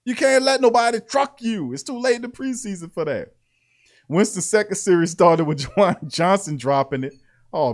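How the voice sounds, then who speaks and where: A man with a fairly high-pitched voice hosts a casual sports talk show. He reads practice reports aloud, then breaks off into animated riffs. He laughs often and repeats his lines for emphasis.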